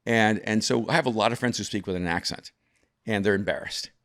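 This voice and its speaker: Brief: older male guest, low voice, thoughtful storyteller who restarts his sentences. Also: brisk, a bit bright. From El Salvador. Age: over 50. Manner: reflective, frequent restarts and repeated words. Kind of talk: conversational storytelling.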